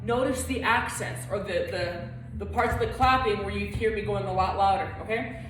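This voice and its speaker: A woman's voice: mid-range voice, moderate pace, loud music behind the voice. A woman teaching a flamenco dance lesson, chatting encouragingly and counting beats aloud as she claps and moves. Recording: echoey room, voice from a distance.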